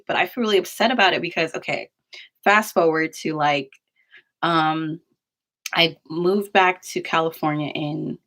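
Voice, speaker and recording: Chatty young woman, lowish voice. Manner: chatty, frequent "like" fillers, quick asides. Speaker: vlogger. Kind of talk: casual storytelling.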